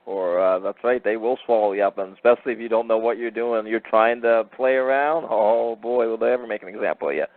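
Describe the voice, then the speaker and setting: A man's voice: lowish voice, steady tone, brisk, few pauses. A man co-hosting a radio talk show, mostly chiming in with short agreements and laughter. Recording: tinny phone-like line with faint noise.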